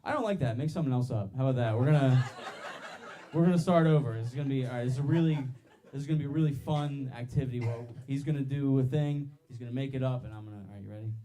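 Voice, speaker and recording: A young man doing a stand-up comedy set on a club stage, loud and laughing as he works the crowd. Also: medium pitch, fast talker.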